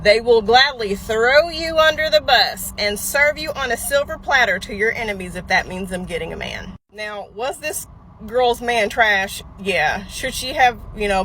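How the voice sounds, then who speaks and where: A woman's voice: on the high side, fairly bright tone, slight background noise, low-quality recording. A woman frankly telling a personal story about her past, emphatic and self-critical. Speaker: storyteller sharing a confession.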